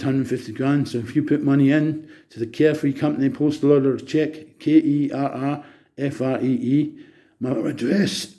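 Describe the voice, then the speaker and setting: A man delivers a breathless, manic monologue, leaping from one subject to the next and slipping into sermonizing. His voice is very dark and mellow, pitched in a middle range for a man. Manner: manic, jumping between topics, preachy. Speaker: vlogger. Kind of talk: rambling monologue to camera.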